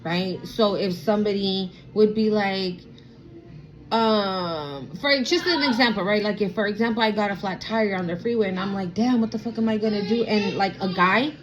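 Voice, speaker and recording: A woman's voice: mid-range voice, moderate pace, dull audio. Sassy woman, blunt casual spiritual vlog. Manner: sassy, blunt, swears freely with slang. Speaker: tarot reader.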